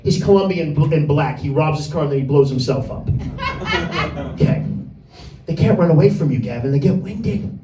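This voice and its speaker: A man's voice: a little high, expressive, normal speed, long pauses, mellow, highs cut off, a little hiss or hum. A male stand-up comedian doing a crude, rambling set and talking straight at a small crowd. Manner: brash, vulgar, rambling with crowd asides. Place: small comedy room with few people. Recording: echoey room, mic from a distance.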